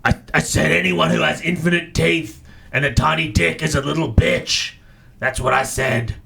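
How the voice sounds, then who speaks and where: A man with an Australian accent playing a brash adventurer who shouts crude, mocking taunts. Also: a little high, fairly even intonation, normal speed, vocal fry, noisy background.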